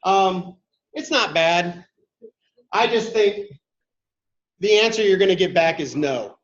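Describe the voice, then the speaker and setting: A man's voice: high-pitched, lively intonation, slow pace. A man leading a classroom workshop, talking directly and conversationally while taking questions from the room. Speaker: workshop instructor. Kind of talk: interactive classroom talk. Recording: echoey room, dull lo-fi sound.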